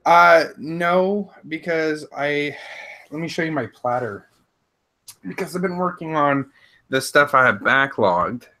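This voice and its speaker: A man's voice: on the high side, takes it slowly, sharp tone. A man co-hosting a casual live chat, playful and sarcastic, chuckling as he talks. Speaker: podcast co-host.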